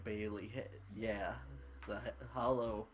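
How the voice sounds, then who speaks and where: A woman's voice: rumbling low, steady tone, takes it slowly, faint music behind. A woman chatting casually in character as a tabletop game player. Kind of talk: casual in-character role-play.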